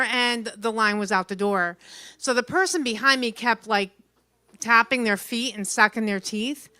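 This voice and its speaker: A woman's voice: a little high, pushed and bright, clear, resonant tone, no echo. A woman from New Jersey doing a blunt, brash stand-up comedy set at an open mic. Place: small venue open mic.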